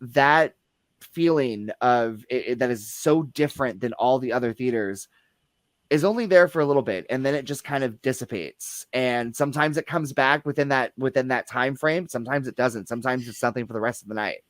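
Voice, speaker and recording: A man's voice: medium pitch, brisk, dry recording. A man, a guest who works at the theater, telling ghost experiences in a casual chat, full of restarts and fillers. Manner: rambling, many restarts and fillers. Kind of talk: casual paranormal discussion.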